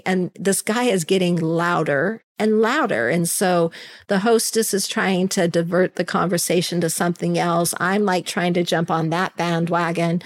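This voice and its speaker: A woman co-hosting a podcast, telling a story in casual chat and quoting the people in it with animated voices. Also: fairly low pitch, moderate pace. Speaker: podcast co-host.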